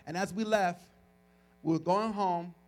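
A man with a high voice preaches to his congregation. He tells a personal story in a lively, animated way. He often restarts his phrases and breaks into laughter. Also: unhurried. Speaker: pastor. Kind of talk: storytelling sermon.

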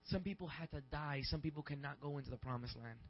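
Young pastor preaching, muffled lo-fi. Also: male voice, on the high side, fast. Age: 20s. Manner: conversational, rambling, rising to shouts. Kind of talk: sermon. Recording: dull lo-fi recording.

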